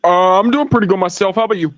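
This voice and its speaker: A man's voice: sits high, racing, fairly bright tone. A man in his twenties calling in, hesitant and filling his talk with ums and uhs. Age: 20s. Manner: hesitant, many fillers. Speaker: caller.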